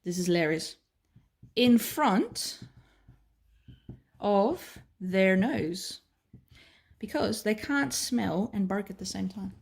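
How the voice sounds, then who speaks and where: Australian woman, dog trainer, mid-pitched, chatty whiteboard explainer. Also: expressive, takes it slowly, gravelly, long pauses. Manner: chatty, checks in with "right?" and "okay".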